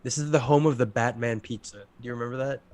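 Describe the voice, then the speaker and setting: A young man co-hosting a live podcast, trading playful jokes in an easy, casual chat. His voice sits at an ordinary middle pitch, and he talks with quick asides and laughs. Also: fairly even intonation, darkish tone. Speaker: podcast co-host.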